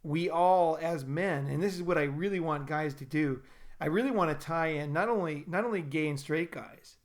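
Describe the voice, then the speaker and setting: A man's voice: fairly high pitch, normal speed. A man hosting a casual podcast chat, rambling and often repeating and restarting his words. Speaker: podcast host.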